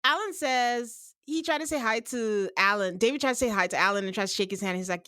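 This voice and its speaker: A woman hosting a casual podcast recap, telling the story with lively acted-out quotes. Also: fairly quick, no room sound. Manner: animated storyteller, acts out quotes with big pitch jumps. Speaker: podcast host recapping a reality show. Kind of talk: casual chat.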